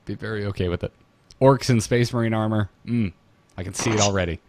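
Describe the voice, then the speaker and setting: A man with a lowish voice co-hosts a gaming podcast in relaxed, joking chat. He often stumbles and restarts his sentences. His voice sounds dry and close. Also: fast talker, no room sound. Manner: relaxed, stammering restarts, jokey. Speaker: podcast co-host.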